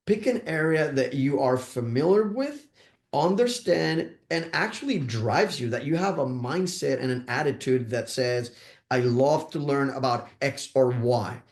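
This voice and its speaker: A man's voice: mid-range voice, creaky, a little mellow, roomy sound. A man from Puerto Rico, a podcast guest, talking thoughtfully and laying out his advice point by point, with many restarts. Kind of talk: podcast interview.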